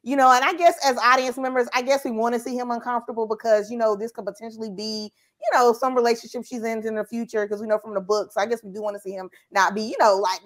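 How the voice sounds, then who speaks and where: A woman co-hosting a podcast, talking in a loose, slangy, animated way. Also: fairly high pitch. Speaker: podcast co-host. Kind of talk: casual podcast discussion.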